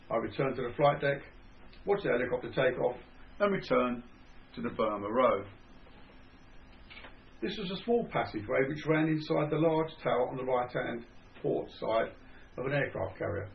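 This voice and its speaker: An older man with a Cockney (Estuary) accent reading his own memoir in a measured, dry storytelling manner. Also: mid-range voice, expressive, gravelly, a little hiss or hum. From England. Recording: dull lo-fi recording.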